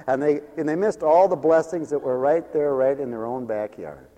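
A male pastor preaching a radio sermon, impassioned and swinging from hushed tones to loud peaks, chuckling between points. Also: mid-range voice, unhurried, long reverb tail.

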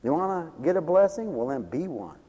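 Impassioned preacher in a reverberant hall. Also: male voice, a little high, very animated, brisk. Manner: impassioned, swinging from hushed to loud; chuckles between points. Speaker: pastor. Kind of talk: radio sermon.

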